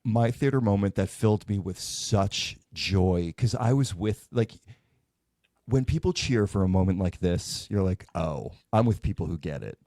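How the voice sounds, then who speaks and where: Lively, low-voiced man gushing on a podcast. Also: normal speed, no echo. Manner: animated, effusive. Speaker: podcast co-host. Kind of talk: casual chat.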